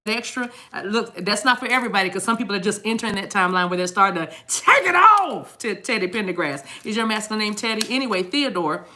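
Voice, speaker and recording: A woman's voice: mid-range voice, lively intonation, fast, few pauses, bright, forceful tone. A middle-aged woman hosting a casual livestream reading, chatting playfully with viewers, laughing often and breaking into bits of song. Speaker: tarot reader hosting a livestream.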